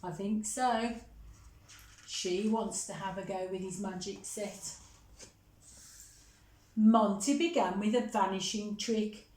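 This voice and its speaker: A woman reading a picture book aloud to children, gently chatting with them between pages. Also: mid-range voice, slow pace, pauses often. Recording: roomy echo.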